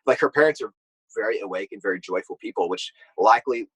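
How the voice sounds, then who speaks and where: A man in a podcast guest spot with a husky voice, picked up close and dry. He talks in a reflective, affirming way and laughs often. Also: on the low side, lively intonation, quick pace, a bit bright, no echo, poor audio. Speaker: podcast guest, spiritual mentor. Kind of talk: casual podcast conversation.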